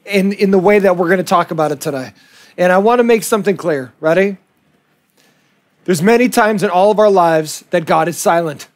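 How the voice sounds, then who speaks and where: A pastor preaching a sermon to his congregation, reading scripture and pausing to prompt his listeners directly. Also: high voice. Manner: preaching with emphatic pauses and direct audience prompts. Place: outdoors under tents with a congregation.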